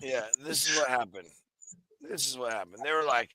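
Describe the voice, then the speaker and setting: A man's voice: medium pitch, moderate pace, pushed and bright, no echo, poor audio. A man co-hosting a casual podcast, laughing and playful, talking to the listeners as "folks". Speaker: podcast co-host.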